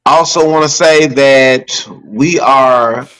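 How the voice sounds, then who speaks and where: A man, co-hosting a casual chat and making his point in an animated, persuasive way. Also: mid-range voice, slow pace, clean tone, rough recording. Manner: animated, persuasive, repeats "you see what I'm saying". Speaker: podcast co-host.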